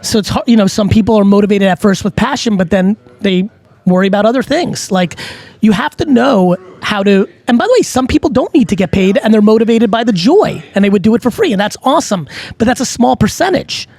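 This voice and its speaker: A middle-aged man, hosting a casual advice talk in a blunt, animated, profane way. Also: high-pitched, brisk. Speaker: host.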